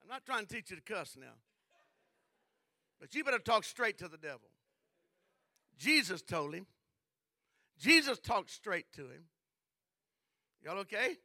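A male preacher calls out to his congregation and builds to shouting peaks. His voice sits very high and rings bright and sharp. The sound is dry and close. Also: sing-song, measured pace, long pauses, no room sound. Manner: call-and-response, building to shouts. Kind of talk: sermon.

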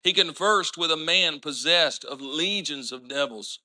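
Bright, impassioned preaching man. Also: a little high, unhurried. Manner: impassioned preaching with rising emphatic lines and storytelling asides. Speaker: pastor. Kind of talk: sermon.

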